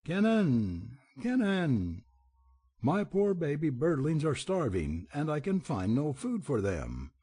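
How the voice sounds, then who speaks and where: A man voicing a frantic mother pheasant with shrill, screeching cries in a storybook. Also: huge pitch swings, slow pace, warm tone, slightly rough, full character voice. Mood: shrill alarm.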